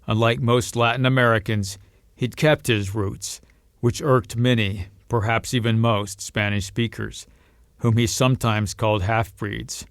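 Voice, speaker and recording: Smooth-voiced male audiobook narrator. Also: unhurried, no echo, clean studio sound. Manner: steady storytelling, lifts pitch and volume for quoted voices. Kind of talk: audiobook reading.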